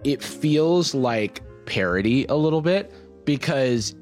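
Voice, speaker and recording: A man's voice: medium pitch, expressive, takes it slowly, darkish tone, soft background music. A man co-hosting a podcast, talking casually with lots of fillers and restarts. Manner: rambling, many fillers and restarts. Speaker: podcast co-host. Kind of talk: casual chat.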